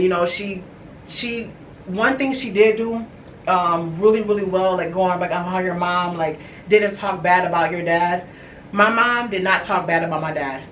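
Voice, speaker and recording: A woman in her thirties hosting a podcast, telling a personal family story in a candid, halting way with many fillers and restarts. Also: medium pitch, a bit bright, distant mic. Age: 30s. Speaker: podcast host. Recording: echoey room, voice from off-mic, faint hiss.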